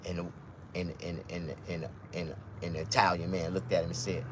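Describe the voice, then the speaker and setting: A man's voice: low voice, little pitch movement, brisk, noisy background. A man delivering a blunt, profane, casual monologue rant as a vlogger, telling stories along the way.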